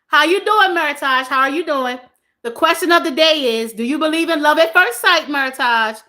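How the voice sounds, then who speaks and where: Bright, high-voiced woman livestream host. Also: normal speed. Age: 40s. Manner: animated, laughs often, repeats viewers' names. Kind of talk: casual live chat reading comments.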